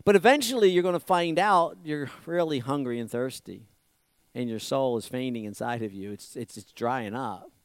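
A man preaching a conversational sermon, repeating phrases and asking the listeners questions, swinging from loud emphasis to hushed asides. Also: mid-range voice, animated, moderate pace, clear, resonant tone, no echo. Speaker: pastor.

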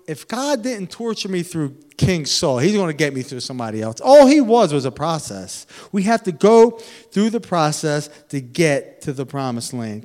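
A man preaching a sermon in a lively, animated way, swinging between loud emphatic bursts and quiet asides. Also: a little high. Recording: long hall reverb.

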